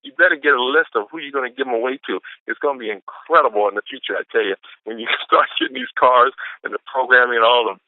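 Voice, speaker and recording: A man's voice: mid-range voice, fast, no room sound. A man from Atlanta, Georgia, giving a whooping, preacher-like motivational pep talk on a conference call. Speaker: caller sharing quotes. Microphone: telephone. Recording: tinny phone line, dry.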